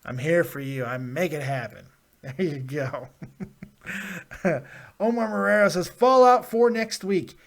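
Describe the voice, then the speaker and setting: A man hosting a live wrestling review stream, talking in an excitable, rambling way and laughing often. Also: mid-range voice, unhurried, creaky, pauses often. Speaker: host of a wrestling review show.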